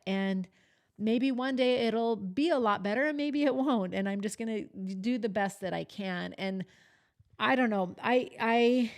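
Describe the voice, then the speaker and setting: Woman coach, thirties, casual candid talk, restarts and fillers, reassuring. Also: medium pitch. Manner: thinking aloud with frequent restarts and fillers. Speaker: fitness resort coach.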